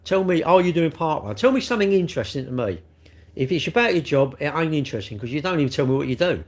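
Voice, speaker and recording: A man's voice: fairly high pitch, sing-song, quick pace. A middle-aged man, chatting casually on a live stream and teasing viewers about their comments. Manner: jokey, teasing banter with chat.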